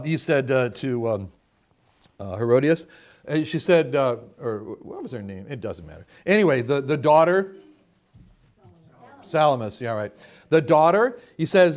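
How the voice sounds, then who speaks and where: A middle-aged man preaching a Bible-teaching sermon in a church chapel, with a dramatic delivery, quoted voices and rhetorical questions. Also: a little high.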